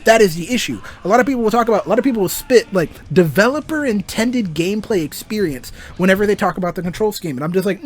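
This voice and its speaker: High-voiced man ranting about games. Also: fast talker, hardly any pauses. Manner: animated, rambling, swears freely, laughs often. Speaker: game designer. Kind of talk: casual gaming rant.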